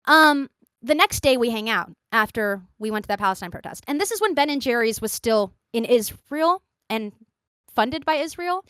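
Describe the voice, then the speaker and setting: A young woman with a high, bright voice tells stories in a casual podcast chat. She acts out the people in her stories and slips into their voices. The sound is close and dry. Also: normal speed, smooth, no room sound. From grew up in Qatar and the American South. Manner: animated storyteller, acting out quoted voices. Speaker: podcast host.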